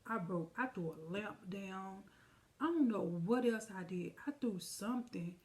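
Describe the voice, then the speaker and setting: A woman on a casual storytime vlog unhurriedly recounts a personal experience in a medium-pitched voice. Chatty and addressing her viewers directly, she gives a vivid retelling, voicing the dialogue of the people involved.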